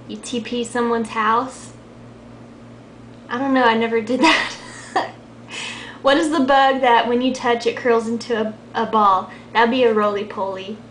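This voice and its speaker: A soft-spoken young woman from Texas with a light Texan accent and a high-pitched voice, chatting casually to her camera. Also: a little hiss or hum. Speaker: vlogger. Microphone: built-in camera mic. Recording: echoey room.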